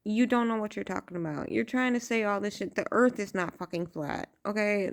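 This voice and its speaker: A woman's voice: medium pitch, sing-song, moderate pace. A woman tarot vlogger on a casual, profane rant, blunt and exasperated. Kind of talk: casual ranting monologue.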